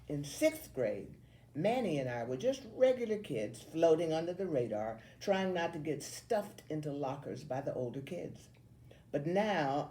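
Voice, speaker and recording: A woman reading a children's novel aloud in an expressive, animated way. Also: extremely low pitch. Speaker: story reader.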